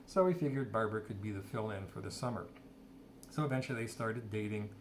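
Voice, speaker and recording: A man's voice: lowish voice, fast, slight background noise. A middle-aged man casually telling a rambling personal story and quoting people's dialogue. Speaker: storyteller sharing personal history.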